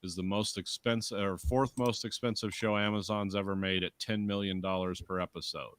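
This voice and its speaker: A man's voice: on the low side, steady tone, brisk, a bit bright, clear, resonant tone. A man co-hosting a podcast in casual chat, reeling off facts with hesitant fillers. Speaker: podcast co-host.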